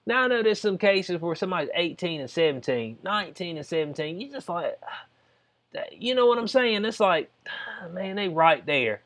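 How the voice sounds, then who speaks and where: A man's voice: sits high, lively intonation, moderate pace, a bit bright. A man with a Southern US accent talking loosely over a news story, reading bits aloud and peppering his talk with "you know what I'm saying.". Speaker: vlogger commenting on news.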